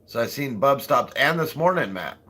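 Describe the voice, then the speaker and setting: Husky, rambling man on a livestream. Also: medium pitch, animated, normal speed, bright, forceful tone. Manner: rambling, profane, laughs often. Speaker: livestream host. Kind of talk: casual livestream chat.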